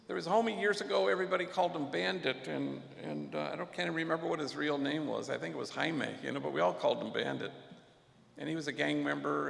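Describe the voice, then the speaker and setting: A man giving an unhurried, reflective storytelling speech at a luncheon, dropping in Spanish slang. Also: medium pitch, vocal fry, fairly bright tone. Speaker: guest speaker at a luncheon. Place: event hall. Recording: echoey hall with long reverb.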